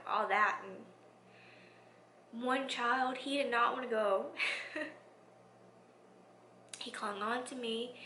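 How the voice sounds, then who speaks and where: A woman schoolteacher talking in a reflective vlog, soft and heartfelt, often dropping to a near whisper. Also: on the high side, a little hiss or hum. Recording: echoey room.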